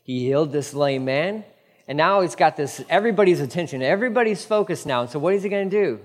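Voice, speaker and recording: A man preaching a sermon as a pastor on stage, telling the story with lively casual asides and acting out quoted voices. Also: a little high, fast talker. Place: church stage. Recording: long hall reverb.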